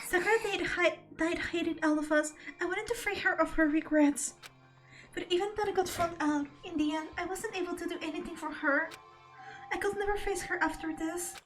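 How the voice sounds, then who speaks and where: A woman's voice: very high-pitched, normal speed, music in the background. A woman streamer reading video game dialogue aloud, dramatic and emotional, close to tears.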